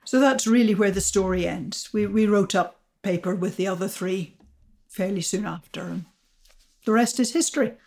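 An older woman, an astrophysicist guest, recounting her discovery in a measured, explanatory way. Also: medium pitch, a little mellow. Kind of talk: storytelling interview answers.

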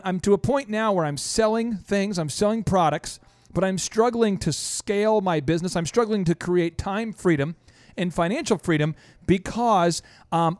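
Male show host, high and bright-sounding, energetic, animated storyteller, dry close recording. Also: no room sound. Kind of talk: upbeat radio-style show hosting.

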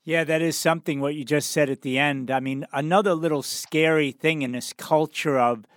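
Podcast host, male; earnest, chatty storyteller, light-pitched, dry close sound. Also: steady tone, moderate pace, dry recording. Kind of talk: casual conversational storytelling.

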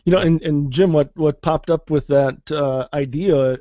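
A man's voice: a little high, measured pace, no echo. A man co-hosting a casual tech podcast, talking hesitantly with many restarts. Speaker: podcast co-host. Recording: dry lo-fi podcast mic.

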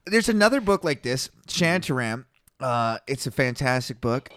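A man's voice: medium pitch, moderate pace, no room sound. A man co-hosting a podcast, talking casually and rambling with lots of fillers. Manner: rambling with fillers, animated storytelling. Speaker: podcast co-host. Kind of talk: casual chat.

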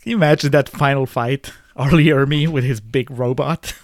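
A man co-hosting a podcast, picking apart a film in casual chat, often chuckling and pausing with uhs. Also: mid-range voice, steady tone, no room sound, studio quality. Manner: chuckling, hesitant with uhs, posing hypotheticals. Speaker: podcast co-host. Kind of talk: casual movie review chat.

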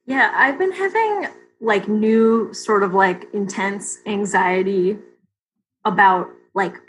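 A woman's voice: mid-range voice, takes it slowly, slight background noise. A woman on a casual podcast chat, rambling and searching for words, with lots of "like". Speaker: podcast guest.

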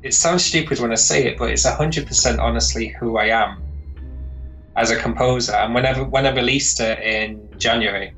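A man's voice: medium pitch, brisk, fairly bright tone, faint music behind, rough recording. A man, a composer chatting in an interview, rambling and searching for words. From northern England. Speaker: composer guest. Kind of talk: casual interview chat.

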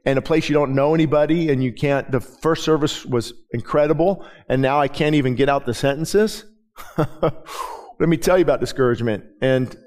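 A middle-aged man preaching, telling stories in a loose conversational way with many restarts. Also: fairly high pitch. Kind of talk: sermon.

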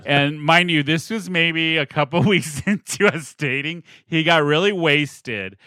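A man's voice: on the high side, unhurried, pushed and bright, clean tone, dry recording, clean studio sound. A man hosting a podcast, chatting casually and laughing often as he tells stories. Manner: giggly, chatty storyteller. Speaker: podcast host.

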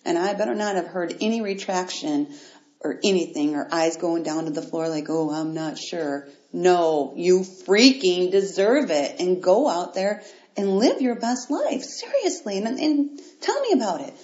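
A woman hosting a motivational podcast, speaking directly and encouragingly to her listeners in an animated way. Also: fairly low pitch. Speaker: podcast host. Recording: roomy, dull lo-fi sound.

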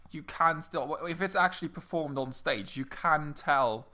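A man's voice: fairly high pitch, unhurried, bright, forceful tone. A young man co-hosting a casual podcast chat, stammering and repeating words as he explains. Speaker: podcast co-host.

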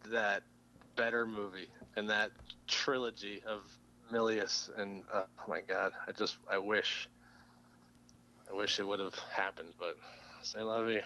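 A man's voice: fairly low pitch, steady tone, measured pace, pushed and bright, dull audio. A man co-hosting a casual movie podcast, enthusiastic and rambling. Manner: enthusiastic, rambling, many fillers and swearing. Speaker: podcast co-host.

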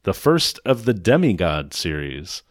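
Podcast host, male, deep voice, dry close sound, casual rambling film recap with cussing. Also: sing-song, unhurried, no echo. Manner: rambling, profane, loose recap. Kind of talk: casual chat.

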